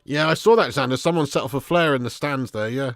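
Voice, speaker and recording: A man's voice: mid-range voice, quick pace, fairly bright tone, no room sound, studio quality. A man hosting a live football watch-along stream, joking with chat in slangy banter and laughing often.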